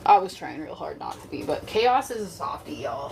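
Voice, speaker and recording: A woman's voice: low-pitched, big pitch swings, moderate pace, creaky. Chatty woman livestreaming over background noise. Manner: chatty, candid, swears freely, addresses viewers as y'all. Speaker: livestream host. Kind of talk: casual chat to a live chat.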